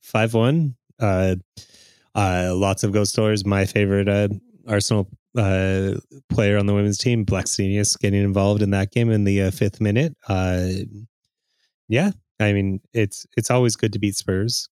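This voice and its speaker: Man, very low voice, casual football chat, dry close sound, lots of uhs. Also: steady tone, a little slow, darkish tone, clean tone, no room sound. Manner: chatty, hesitant with many fillers. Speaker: podcast co-host.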